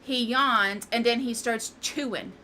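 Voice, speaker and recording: A woman's voice: on the high side, measured pace, pushed and bright, slight background noise. A woman gaming at home, chatting casually to viewers and cooing and scolding her cats in a playful sing-song. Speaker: gaming streamer. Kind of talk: casual chat while modding a game.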